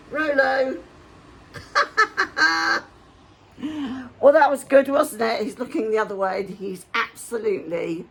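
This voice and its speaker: A woman's voice: on the low side, creaky, a little hiss or hum. A woman from Hampshire, England, chatting casually to camera and telling a rambling story full of asides. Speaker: vlogger.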